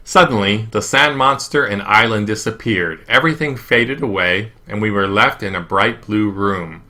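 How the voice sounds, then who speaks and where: A man reading a children's novel aloud in first person, with a lively, emphatic delivery. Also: on the low side, moderate pace, few pauses. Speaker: audiobook reader. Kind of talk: first-person storybook narration.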